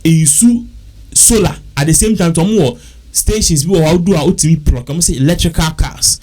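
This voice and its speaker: A man's voice: on the high side, brisk, warm tone, a little hiss or hum. A man with a Ghanaian accent, talking casually and repetitively, working through figures aloud. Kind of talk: casual talk mixing English and Twi.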